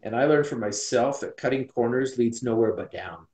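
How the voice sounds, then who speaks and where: A man in his forties from Utah, recounting his life story in an interview with earnest reflection. His mid-pitched voice sits in a roomy space with audible echo. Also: normal speed, dark tone. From Utah, USA. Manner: earnest and reflective, many restarts. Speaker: interview guest.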